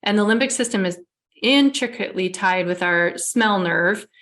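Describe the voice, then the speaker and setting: A woman's voice: medium pitch, normal speed, fairly bright tone. Woman guest explaining in run-on lists. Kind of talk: casual interview chat.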